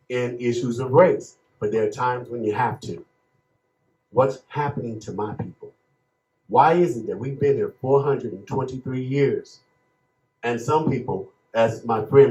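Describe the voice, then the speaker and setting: A man in his fifties from Chicago, giving emotional, preacher-like testimony as a panel speaker with slow emphatic phrases. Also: medium pitch, darkish tone. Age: 50s. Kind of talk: impassioned testimony. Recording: echoey room, dull lo-fi sound.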